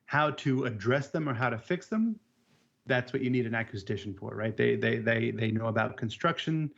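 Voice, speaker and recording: A man co-hosts a relaxed technical talk about audio tools. His voice is gravelly, and he often restarts his sentences as he works through an explanation. The recording sounds muffled and lo-fi. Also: medium pitch. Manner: halting, restarts words, self-deprecating. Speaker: AV technician co-host. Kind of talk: casual technical chat. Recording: dull lo-fi sound.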